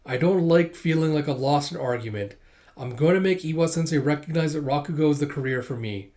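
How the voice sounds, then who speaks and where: A man's voice: fairly high pitch, a little fast, darkish tone, natural voice. A man reading a stubborn teenage schoolgirl. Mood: determined. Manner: earnest and determined.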